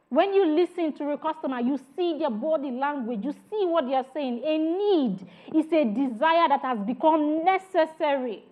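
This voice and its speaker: A woman giving a customer service training lecture, speaking emphatically, showing tones by example and talking straight to her trainees. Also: sits high. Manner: addresses trainees directly. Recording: narrow phone-like sound.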